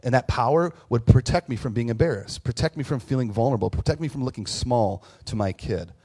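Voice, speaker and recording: A man's voice: mid-range voice, fairly quick, warm tone, husky. A man preaching a conversational sermon as a pastor, candid and self-deprecating, telling stories with plenty of fillers and restarts. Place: church with online audience.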